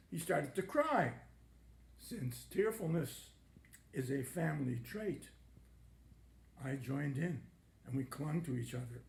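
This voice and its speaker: Expressive man reading his own novel. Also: a little high, vocal fry, reverberant. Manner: lively, expressive delivery with halting pauses. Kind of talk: dramatic first-person reading.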